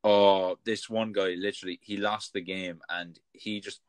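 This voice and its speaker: A man's voice: fairly low pitch, little pitch movement, normal speed, dry recording. A young man hosting a podcast, chatting casually and laughing often as he tells funny anecdotes. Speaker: podcast host. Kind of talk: casual chat.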